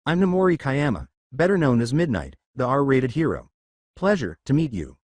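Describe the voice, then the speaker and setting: A man's voice: mid-range voice, sing-song, normal speed, a little mellow, no room sound. A man voicing a flirtatious adult woman hero teacher in a storybook reading, with a teasing, forward manner.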